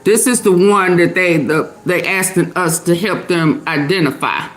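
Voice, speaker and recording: A woman's voice: fairly low pitch, normal speed. A middle-aged woman, hosting a live stream and chatting with her viewers as she reads their comments aloud. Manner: chatty, answers chat comments aloud, laughs often. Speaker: livestream host.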